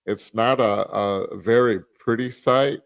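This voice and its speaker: Gravelly-voiced male podcast co-host. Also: mid-range voice, dry recording. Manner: jokey, halting with restarts. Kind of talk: casual chat.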